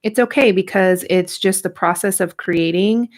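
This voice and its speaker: A woman's voice: medium pitch, normal speed. A woman in her thirties hosting a casual art journaling livestream, chatty and playful, greeting viewers as she works. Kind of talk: casual livestream craft demo.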